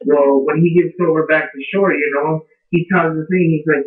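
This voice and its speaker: Man rambling through a scary story, slightly high voice, tinny phone-like sound. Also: fairly even intonation, moderate pace. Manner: rambling, many fillers like "you know". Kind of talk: casual spoken retelling of a horror story. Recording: tinny, echoey, from a distance.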